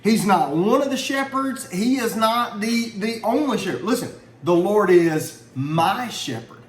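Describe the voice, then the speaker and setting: A man's voice: high-pitched, animated, unhurried. A middle-aged man leading a family Bible lesson, earnest and conversational, asking questions as he teaches. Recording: echoey room, faint ambience.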